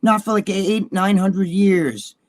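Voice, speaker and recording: High-pitched, profane man in his sixties. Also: takes it slowly, no echo. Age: 60s. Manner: profane, combative, rambling. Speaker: co-host. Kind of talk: heated political rant on a talk show.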